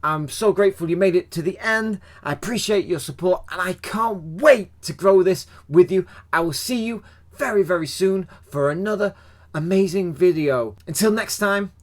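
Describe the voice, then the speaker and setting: A man's voice: high-pitched, normal speed. A young man talking casually through a football match review, chatty and self-deprecating, asking himself questions as he goes. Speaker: football fan channel host.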